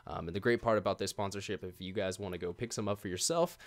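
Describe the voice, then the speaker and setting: A relaxed male podcast host with a fairly low voice, talking casually and laughing easily between thoughts. He reads a sponsor message with the same loose, filler-heavy chat as the rest of the show. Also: fast talker. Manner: laid-back, chatty, laughs often, many fillers.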